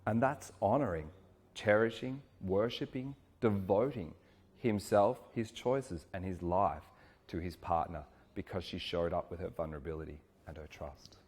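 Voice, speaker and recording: A man who leads relationship workshops, giving an earnest, reflective coaching talk that slows down on key words. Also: low-pitched, a little mellow, slightly rough, big-room sound.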